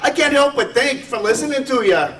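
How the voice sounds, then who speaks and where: Man doing an excitable Irish pub-goer, brogue, voice pitched way up, echoey far-off hall. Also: a little fast. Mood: amazed. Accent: put-on Irish brogue. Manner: exclaiming, wide-eyed.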